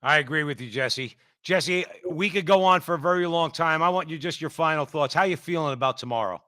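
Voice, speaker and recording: Bright crisp radio host dude, folksy and chummy, dry close mic. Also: male voice, on the high side, brisk, no room sound. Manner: chummy, folksy, calls people brother. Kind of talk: casual radio talk.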